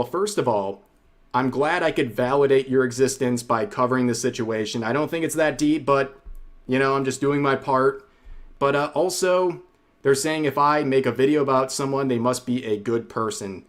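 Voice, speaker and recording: A man reading a scripted commentary voice-over about online drama in a measured, wry manner. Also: medium pitch. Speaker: youtube commentator.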